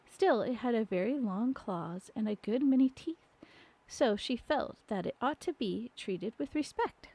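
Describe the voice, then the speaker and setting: A woman reading a storybook aloud on a live stream, unhurried, with small slips and restarts. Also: a little high, expressive, gravelly, warm tone, no room sound. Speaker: storybook narrator.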